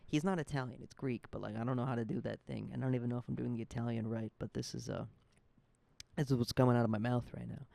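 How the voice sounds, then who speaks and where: Young male podcast host, gravelly, profane rambling rant, dry close sound. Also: mid-range voice, steady tone, fast talker, warm tone, no room sound. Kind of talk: casual ranting monologue.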